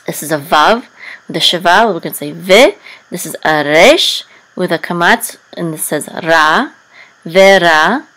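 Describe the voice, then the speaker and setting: A woman with a somewhat low voice leads a step-by-step lesson. She patiently sounds out each syllable and corrects herself as she goes. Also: animated, unhurried, fairly bright tone, rough recording. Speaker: Hebrew and Torah chanting teacher.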